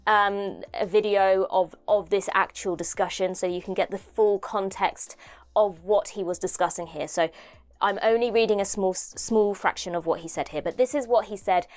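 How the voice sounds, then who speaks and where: Speaking at a moderate pace with medium pitch, a young British woman hosts a relaxed video commentary. Her style is chatty and self-deprecating, and she thinks out loud while talking.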